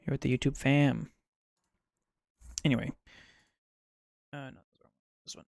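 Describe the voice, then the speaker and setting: A man's voice: mid-range voice, a little slow, vocal fry, no echo, clean studio sound. Rambling young man chatting on stream. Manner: rambling and excitable, full of "like" fillers and restarts. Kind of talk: casual live-stream chat while drawing. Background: faint music.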